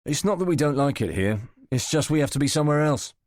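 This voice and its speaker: A man's voice: a little high, lively intonation, fast talker, no echo, studio quality, voice pushed up, natural voice. A man voicing a brash, tall male spy with a London accent who talks in curt, clipped orders. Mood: brusque. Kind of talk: audiobook character voice.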